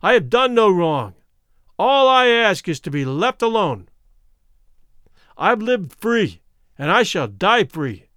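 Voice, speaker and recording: Proud outlaw chief, defiant and firm, voiced with a lively, slightly high pitch by a male reader. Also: slow, long pauses, dry recording, clean studio sound, heavily acted.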